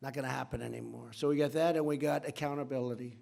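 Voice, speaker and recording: A man's voice: mid-range voice, fairly even intonation, fast talker, vocal fry, darkish tone. A man giving an off-the-cuff political speech at a podium in a large conference hall, rambling and repeating himself with boastful asides.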